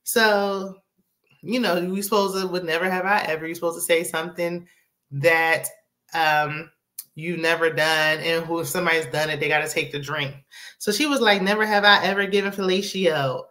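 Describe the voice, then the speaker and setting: A woman's voice: sits low, steady tone, normal speed, sharp tone. A woman giving a casual, sassy recap of a reality show, chatty with frequent asides. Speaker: TV recap host.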